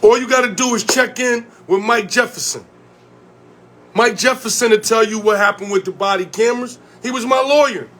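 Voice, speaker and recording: A Connecticut man with a notably high voice rants confrontationally into the camera, swearing freely and firing off repeated questions like a community organizer calling people out. His pace is moderate and his tone fairly bright.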